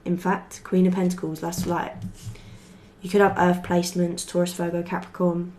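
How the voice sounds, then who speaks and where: A young woman gives a loose, unscripted tarot reading. Her voice sits a little low. She rambles warmly, swears without a second thought and fills gaps with "like". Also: completely flat delivery, moderate pace, slight background noise. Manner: chatty, rambling, swears freely, peppered with "like". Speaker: tarot reader. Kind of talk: casual tarot reading to camera.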